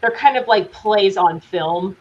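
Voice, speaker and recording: A woman's voice: mid-range voice, a little slow. Chatty woman actress, lo-fi. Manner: chatty, with many fillers and restarts. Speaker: guest actress. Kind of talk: casual interview chat. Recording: dull lo-fi audio with faint hiss.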